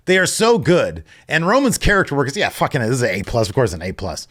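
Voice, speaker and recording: A man hosting a wrestling podcast, excitable and profane, grading matches in casual talk and mocking wrestlers in put-on voices. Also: mid-range voice, fast talker, hardly any pauses.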